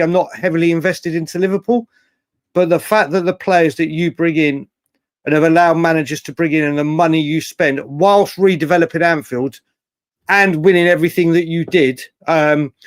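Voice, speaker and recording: A man's voice: fairly high pitch, no echo. A young man hosting a casual football live stream, bantering with viewers by name and laughing often. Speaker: livestream host.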